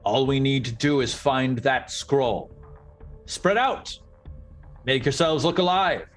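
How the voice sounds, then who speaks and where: A man's voice: medium pitch, slow pace, faint music behind, close to an everyday voice. A man voicing the confident leader of an intruding band, giving curt orders. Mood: commanding.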